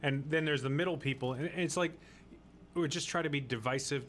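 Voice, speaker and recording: A man's voice: on the high side, a little fast, fairly bright tone, slight background noise. A man hosting a faith-based podcast discussion, talking in an earnest, preachy way and repeating phrases for emphasis. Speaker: podcast host.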